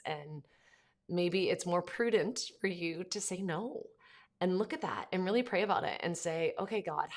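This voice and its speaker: Chatty woman hosting a faith podcast. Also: fairly low pitch. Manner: chatty, lots of fillers, reads listener comments. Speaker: podcast host. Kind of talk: casual faith chat to listeners.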